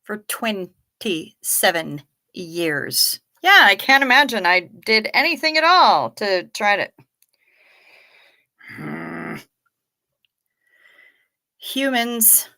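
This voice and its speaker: Taking it slowly with frequent pauses, a middle-aged livestream host reads her chat in a fairly high, pushed, bright voice with lively intonation. She keeps it casual, adding dry, sardonic comments.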